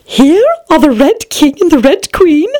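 A curious little girl from a storybook, speaking softly and full of wonder, as a woman reads her part. Her voice sits high and swoops in lively leaps. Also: fairly quick. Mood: hushed wonder. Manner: hushed, wondering. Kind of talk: storybook read-aloud.

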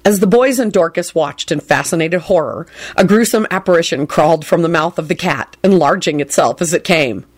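A woman's voice: fairly low pitch, brisk. A woman reading a story aloud, narrating between character voices. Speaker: reader. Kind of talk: reading fan fiction aloud.

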